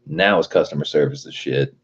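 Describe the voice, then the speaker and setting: A man with an extremely deep, husky voice rants on a casual livestream, rambling and swearing freely with plenty of "like." The audio is dull and lo-fi. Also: a little fast. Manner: profane, rambling, lots of "like". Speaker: livestreamer reading chat.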